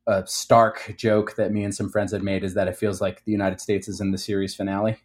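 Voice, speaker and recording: A man's voice: lowish voice, little pitch movement, brisk. A man with a South Jersey Philadelphia accent, chatting as a podcast guest in a rambling way full of fillers. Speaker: guest musician. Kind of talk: casual podcast chat.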